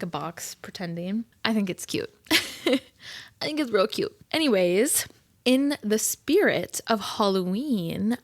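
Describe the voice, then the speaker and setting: A woman's voice: medium pitch, no room sound. Giggly chatty woman podcast host. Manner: chatty, giggly, full of fillers. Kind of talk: casual solo podcast chat.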